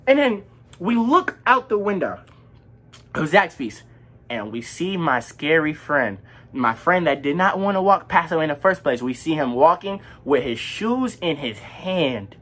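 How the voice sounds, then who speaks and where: Husky young man telling a wild story. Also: a little high, a little slow. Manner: animated, slangy storytelling that acts out the dialogue. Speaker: vlogger. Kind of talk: casual storytime vlog.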